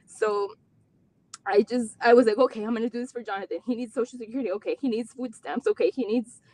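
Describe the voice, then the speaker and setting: Her voice is mid-range and a little mellow as this autism mom guest shares a personal story in casual conversation. Chatty and sincere, she voices the quoted dialogue herself, stumbles through frequent fillers and restarts, and sometimes sounds near tears.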